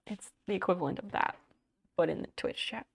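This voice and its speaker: A chatty woman streaming live from home and talking with her viewers. Her voice carries a gravelly fry, and she reads out names, tells anecdotes and drops casual swears. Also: fairly low pitch, fairly quick. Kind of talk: casual livestream chat with viewers.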